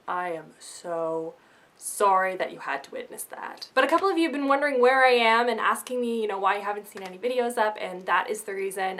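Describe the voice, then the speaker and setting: A woman's voice: mid-range voice, a bit bright. A bubbly young woman from Canada chatting through a shopping haul in a casual vlog, joking at her own expense. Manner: bubbly, chatty, self-mocking. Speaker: beauty vlogger.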